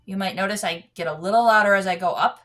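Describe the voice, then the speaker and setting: A woman's voice: medium pitch, quick pace. A woman teaching a piano lesson, explaining patiently and singing out counts while she plays. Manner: patient, demonstrates with sung counts. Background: piano playing.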